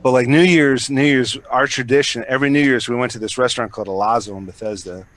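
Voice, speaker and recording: A man's voice: mid-range voice, steady tone, quick pace, fairly bright tone. A man hosting a podcast in casual chat, rambling and profane, with lots of fillers. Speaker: podcast host.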